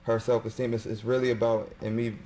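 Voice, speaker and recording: A man, a musician guest on a panel, speaking hesitantly with many pauses and ums. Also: mid-range voice, level tone, mellow, a little hiss or hum, rough recording. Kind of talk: panel discussion.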